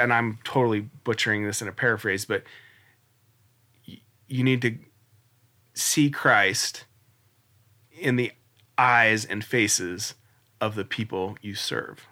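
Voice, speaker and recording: A podcast guest in his forties earnestly tells a personal story in a casual interview, rambling through restarts and fillers. His voice is medium in pitch with a sharp tone.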